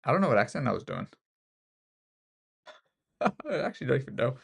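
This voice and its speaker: An Australian man talks through a chess game in casual live commentary, teasing himself and his opponent. His voice has a gravelly fry to it. His pitch swings widely as he reacts. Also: sing-song, fairly quick. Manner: self-mocking, joking banter with the opponent. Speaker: chess streamer.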